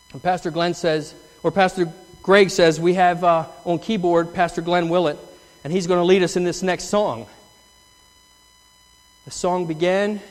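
A man giving an earnest, emotional testimony in a church sanctuary, telling his story from the front. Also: a little high. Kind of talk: testimony sermon. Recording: long reverb of a church hall.

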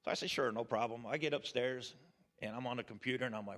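A man's voice: mid-range voice, quick pace, a bit bright. A middle-aged man giving a plainspoken personal testimony with self-deprecating humor. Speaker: testimony speaker.

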